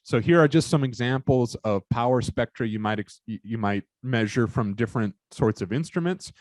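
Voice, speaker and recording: A man giving a recorded lecture, explaining in a halting way with many fillers and restarts. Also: medium pitch, dry recording.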